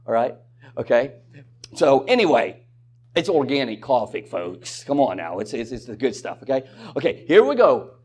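Lively man preaching a sermon. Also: medium pitch, normal speed, husky. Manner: conversational, rhetorical questions, joking asides.

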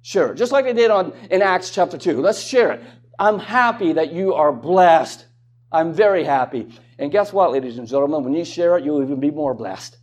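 A man's voice: a little high, lively intonation, normal speed. A man preaching a sermon in a conversational way, with rhetorical questions and joking asides.

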